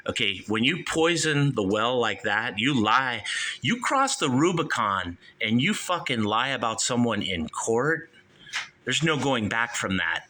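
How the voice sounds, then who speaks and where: A man's voice: mid-range voice, big pitch swings, a little slow, sharp tone. A man hosting a call-in show, ranting heatedly and swearing.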